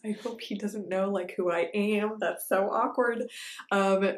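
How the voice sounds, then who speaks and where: A young woman recounts her dance training in a loose, animated storytelling style, tossing in plenty of fillers. Her pitch sits in the middle range. The sound carries noticeable echo from the room she recorded in. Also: moderate pace. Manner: animated, chatty, lots of fillers. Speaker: ballet dancer and vlogger. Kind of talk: casual storytelling. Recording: echoey room.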